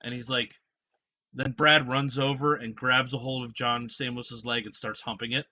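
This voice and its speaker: Bright-voiced man telling animated stories. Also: medium pitch, moderate pace, slight background noise. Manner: animated storyteller, acts out quotes. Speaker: podcast co-host. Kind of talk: casual chat.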